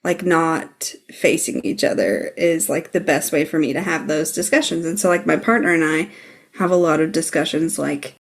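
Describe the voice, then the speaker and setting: A podcast co-host with a low voice and some vocal fry casually recaps a TV episode at a moderate pace. She retells it with animation, acting out the characters' lines as she goes.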